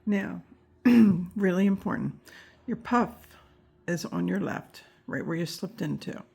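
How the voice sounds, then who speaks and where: A woman walks viewers through a crochet pattern, counting each stitch aloud and adding friendly asides. Her voice is husky with a gravelly edge, and she talks at an unhurried, slow pace. She has the hiccups. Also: on the low side, darkish tone. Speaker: crochet instructor. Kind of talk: step-by-step craft tutorial.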